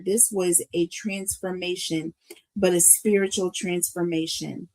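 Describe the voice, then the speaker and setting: An older woman, a grandmother, gives a live tarot reading to her viewers, addressing them as y'all in an emotional, preachy way. Her voice is lowish and darkish, unhurried, and the recording is rough.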